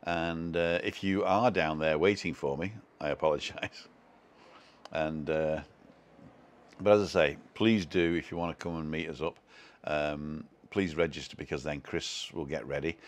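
A man's voice: very deep voice, steady tone, a little slow. A man hosting a casual live stream, chatting in a self-deprecating way and reading out viewer comments from home.

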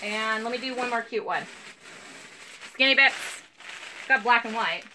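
A woman's voice: on the high side, unhurried, bright, forceful tone, a little hiss or hum. A woman, chatting bubbly and giggly through a live online clothing sale from home. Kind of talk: live sales stream chat.

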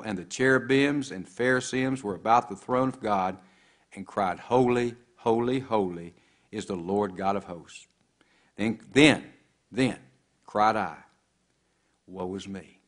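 A man preaching a sermon, quoting scripture with rising and falling emphasis. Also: fairly low pitch.

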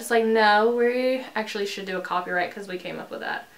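A young adult beauty vlogger films a tag video in her bedroom at home, chatting to camera in a bubbly, rambling way full of fillers. Her mid-range voice is fairly bright and fairly even in intonation, and she talks fast.

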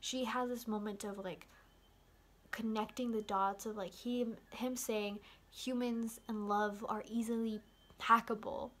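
A young woman casually recapping a film's ending, rambling with lots of "like" and excited asides. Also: fairly high pitch, measured pace. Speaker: vlogger.

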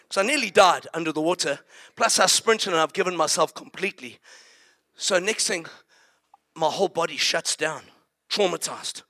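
Animated man preaching. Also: a little high. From South Africa. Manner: animated, acting out a story. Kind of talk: sermon storytelling.

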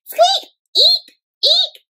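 Woman reader as a sad squeaky songbird, high and shy. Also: very slow, pushed and bright, exaggerated voice.

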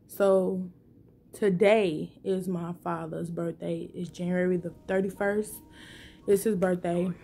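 A woman's voice: fairly low pitch, little pitch movement, takes it slowly, creaky, dark tone, slight background noise. A woman talking casually and emotionally to her vlog viewers, rambling in slangy speech from a car. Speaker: vlogger.

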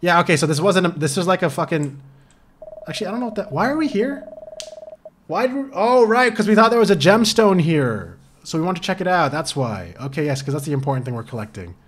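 A man hosting a casual let's play, talking excitedly to himself and swearing freely as he plays. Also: sits high, fast, slight background noise. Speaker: gaming channel host.

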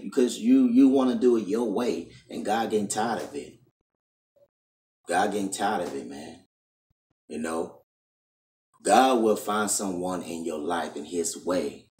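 A man's voice: deep voice, a little mellow, distant mic. A man lecturing straight into his camera in a scolding, insistent tone, tacking "man" onto the end of his lines. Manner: repetitive, keeps ending lines with "man". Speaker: video preacher. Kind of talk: preachy monologue to camera. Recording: echoey room, voice off-mic.

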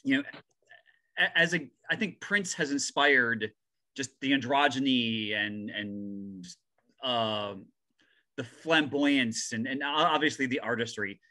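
Jasno brzmiący mężczyzna, jąkający się. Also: male voice, medium pitch, sharp tone. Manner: halting, many restarts and stammers. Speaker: podcast host. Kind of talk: casual interview.

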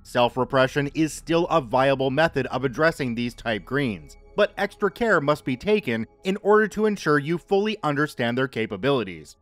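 A man narrating a scripted horror story in a measured, even reading voice. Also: medium pitch, dry recording, soft background music.

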